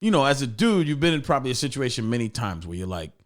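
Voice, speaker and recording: A man's voice: medium pitch, fast talker. A man, a comedian, telling stories in casual podcast chat, acting out the people in them with plenty of profanity. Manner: animated, acts out voices in stories, profane. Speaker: comedian guest. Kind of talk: casual storytelling.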